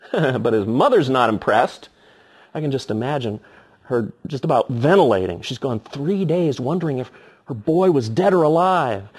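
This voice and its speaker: A middle-aged man preaching a sermon, telling stories with animated, acted-out moments. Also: on the high side, slightly rough. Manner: animated storytelling with acted quotes.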